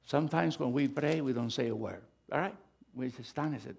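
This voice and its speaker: A middle-aged male pastor preaching a sermon, swinging from loud, emphatic bursts to hushed asides. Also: medium pitch, fairly quick, gravelly, breathy edge.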